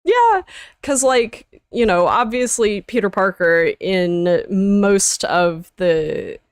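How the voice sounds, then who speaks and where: A woman's voice: mid-range voice, lively intonation, slow pace, clean tone, no room sound, studio quality. A woman in casual chat as a stream co-host, chatty with many fillers.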